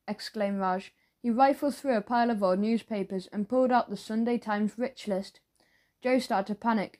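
A woman narrating a children's audiobook in a steady storytelling manner. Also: a little high, normal speed.

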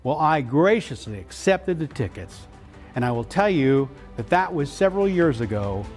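A man's voice: on the high side, sing-song, moderate pace, a little mellow, faint music behind. A middle-aged man giving a motivational keynote speech, telling stories with dynamic enthusiasm and playful quoted voices.

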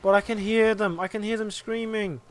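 A young man doing co-op game commentary, whiny and playfully frightened, often shouting. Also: high voice, steady tone, normal speed, no room sound. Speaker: gamer.

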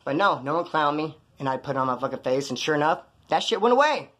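A man from California tells jail stories in casual, profane, rambling fashion, acting out other people's lines as he goes. His voice is fairly high, steady, quick, bright and forceful.

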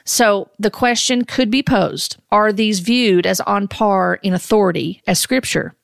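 A woman giving earnest, measured Christian commentary, often restarting her sentences as she goes. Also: mid-range voice, creaky, no echo, clean studio sound.

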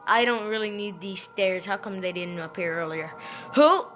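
Excitable woman gamer talking to herself, bright voice that swings widely, muffled recording. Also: medium pitch, moderate pace, faint music behind. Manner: excitable, talks to herself, loud outbursts. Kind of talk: let's play commentary. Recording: dull lo-fi audio.

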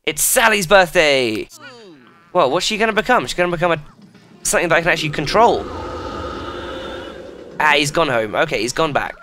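A man giving excitable, sweary commentary while playing a video game. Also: fast, long pauses, soft background music. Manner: excitable, swears a lot, jumps in pitch. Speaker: gaming YouTuber. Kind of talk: casual let's play commentary.

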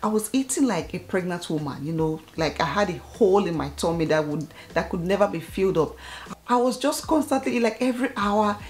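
A woman vlogger in her thirties telling a personal story straight to her viewers in an animated, chatty way. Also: on the low side, fairly quick. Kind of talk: casual talk to camera.

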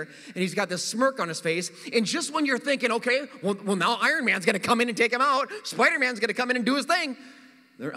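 Middle-aged male pastor, bright high voice, lively and funny, church hall reverb. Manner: animated storytelling with humor. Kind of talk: sermon. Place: church sanctuary.

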